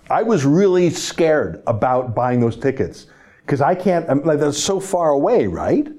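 Guy hosting a political show, keeps exclaiming, mellow relaxed sound. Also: a little high. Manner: emphatic, exclamatory. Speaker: host.

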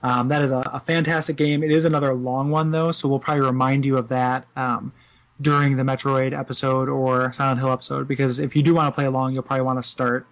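Excitable man co-hosting a podcast. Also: medium pitch, fast talker. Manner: enthusiastic, repeats words, lots of fillers like "like". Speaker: podcast co-host. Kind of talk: casual podcast chat.

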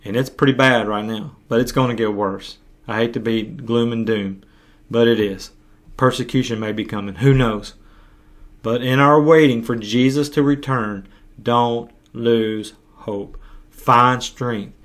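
A man preaching a podcast sermon as pastor, earnest and urging, with his voice going hoarse. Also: mid-range voice. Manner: earnest, urging, slow deliberate pauses. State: losing his voice.

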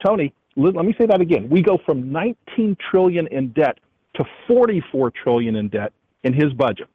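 Husky emphatic economist on a muffled line. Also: male voice, a little high, big pitch swings, moderate pace, no echo. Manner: emphatic, indignant, repeats the host's name. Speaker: economist guest. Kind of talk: radio interview. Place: airport, calling in while traveling.

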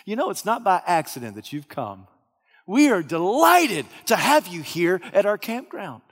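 A man's voice: high voice, sing-song, normal speed, a bit bright, long reverb tail, exaggerated voice. A preacher playing a complacent, easygoing man in charge of a camp who brushes off requests to help. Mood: cheerful coaxing. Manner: cheerfully coaxing, then drawling and dismissive.

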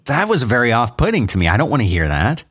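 Laid back podcast host dude, mid voice, lively, dry mic. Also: male voice, mid-range voice, fast talker, husky, no echo. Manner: easygoing, relaxed, reads sponsor spots. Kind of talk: casual chat with ad reads.

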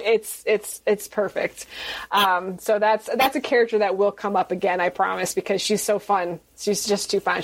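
A woman author talking casually in a podcast interview, rambling with many ums and restarts and laughing often. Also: medium pitch. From United States. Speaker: guest author.

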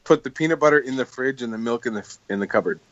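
A man's voice: medium pitch, quick pace, lo-fi sound, crowd noise. A man co-hosting a podcast, chatting casually and telling stories while laughing often. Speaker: podcast co-host. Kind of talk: casual chat.

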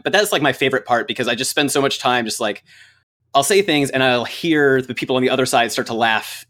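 A man in casual chat, telling a lively story with lots of filler words and frequent laughs. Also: mid-range voice. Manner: rambling, filler-heavy, laughs often.

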